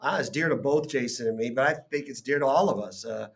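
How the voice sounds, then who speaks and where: A man co-hosts a live stream in easygoing banter. He teases his partner and keeps the talk loose and playful. His pitch sits in an ordinary middle range. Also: quick pace, vocal fry. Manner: playful, teasing, laughs often. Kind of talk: casual banter.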